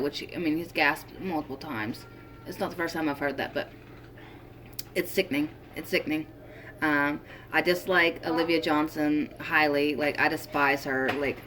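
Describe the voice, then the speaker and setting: A young woman chatting casually in a vlog, her voice sitting a little low for a woman. She rambles, circles back and fills gaps with ums and likes. A faint background noise runs under the recording. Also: fairly bright tone. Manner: chatty, rambling, with many fillers and restarts. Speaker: vlogger.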